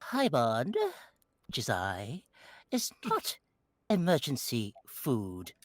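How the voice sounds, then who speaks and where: A man's voice: wildly swooping pitch, takes it slowly, no room sound, clean studio sound. A man doing a haughty transatlantic Paimon. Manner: pompous, deep from the chest. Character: prim, haughty little female fairy companion.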